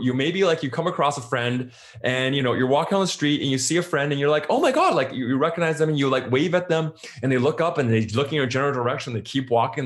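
A man in a casual podcast conversation, telling stories and acting out imagined dialogue, often sinking into a soft, low voice. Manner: storytelling, acts out imagined dialogue, drops to soft low tones.

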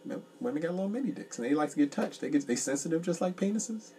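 Gravelly, lively joking man. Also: on the high side, quick pace, far from the mic. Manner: loud, joking, animated storytelling. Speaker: podcast co-host. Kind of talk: casual comedic podcast banter.

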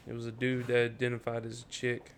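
Male co-host, laconic, monotone and gravelly. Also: mid-range voice, fast talker, slight background noise. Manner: laconic, dry, few words. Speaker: podcast co-host. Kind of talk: casual podcast chat.

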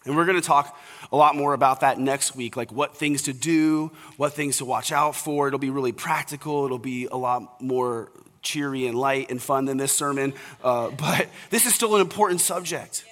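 A man's voice: mid-range voice, normal speed, a bit bright. A young man preaching an earnest, conversational sermon to fathers as pastor. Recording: reverberant hall.

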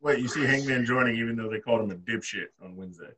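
A man's voice: medium pitch, rapid-fire, pushed and bright, breathy edge, distant mic. A man co-hosting a casual podcast, laid-back and thinking aloud through his reasons. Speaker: podcast co-host. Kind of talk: casual chat.

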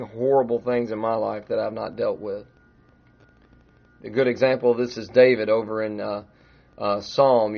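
A man's voice: on the low side, dull audio. A middle-aged man preaching a sermon in a conversational way, growing emphatic as he retells a story. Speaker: pastor.

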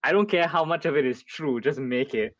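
A man's voice: on the high side, expressive, fairly quick, fairly bright tone, a little hiss or hum. A man co-hosting a gaming podcast, chatting casually in a wry, joking way and filling his talk with "like.". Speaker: podcast co-host. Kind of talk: casual chat.

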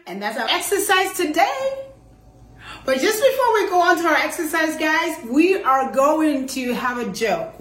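A woman hosting an inspirational talk episode, heartfelt and chatty, laughing often as she encourages listeners. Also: mid-range voice. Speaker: host. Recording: roomy echo.

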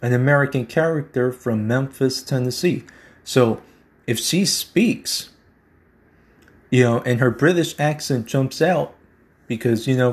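Emphatic man ranting a conspiracy theory. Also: medium pitch. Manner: emphatic, repeats himself, slangy. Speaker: podcast host. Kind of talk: conspiracy monologue.

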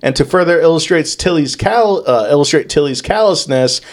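A man's voice: on the high side, animated, brisk. Crude, joking male podcast host. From United States. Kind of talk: casual storytelling chat.

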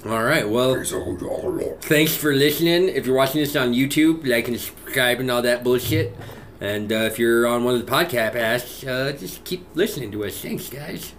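A man's voice: mid-range voice, moderate pace, a bit bright, slight background noise. A young adult man co-hosting a movie review podcast, casual and profane, a little tipsy from beers. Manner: laid-back, profane, wraps up the show. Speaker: podcast co-host. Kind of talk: casual chat.

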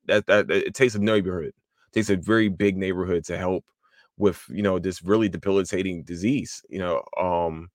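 Male podcast host, low voice, dry close sound; loose, swearing, excitable, stumbles and restarts a lot. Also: normal speed, no room sound. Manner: excitable, profane, many restarts and fillers. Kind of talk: casual solo podcast talk.

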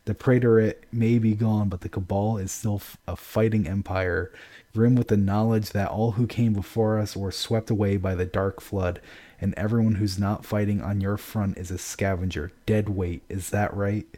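A man's voice: fairly low pitch, fairly even intonation, normal speed, mellow, close to an everyday voice. A man reading aloud, voicing a boisterous, volatile, drunken old emperor who bellows and mocks. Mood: mocking.

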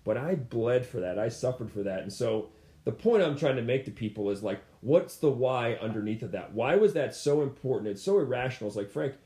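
A man's voice: mid-range voice, lively intonation, fairly quick, mellow. A man as an interview guest, candidly telling a personal story, rambling and repeating himself with frequent "you know" fillers. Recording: roomy echo.

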